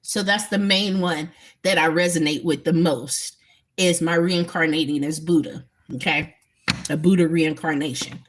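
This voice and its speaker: A woman's voice: deep voice, fairly even intonation, normal speed. A woman talking emphatically and bluntly to her viewers in a casual spiritual livestream, swearing freely. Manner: emphatic, profane, talks straight to viewers.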